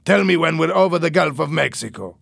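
Guy voicing a bossy suspicious smuggler, loud and pitched up, snapping at everyone. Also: animated, a little fast, vocal fry, husky, dry recording, heavily acted. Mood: angry, bossy. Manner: sharp, bossy, raised voice. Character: angry, suspicious male drug smuggler.

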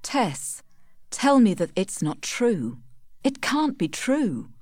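A woman's voice: mid-range voice, very animated, slow pace, darkish tone, no room sound, pitched above the performer's own voice. A woman reading the lines of a stern, formal young husband in a storybook reading, with a dry, close sound. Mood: pleading.

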